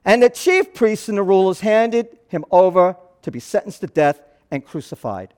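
A man pastor preaching a sermon, telling the story in an animated way that swings between loud and hushed. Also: high-pitched, moderate pace, clear, resonant tone.

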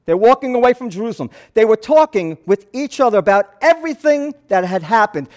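A man pastor preaching a sermon, telling the story in an animated way that swings between loud and hushed. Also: high voice, brisk.

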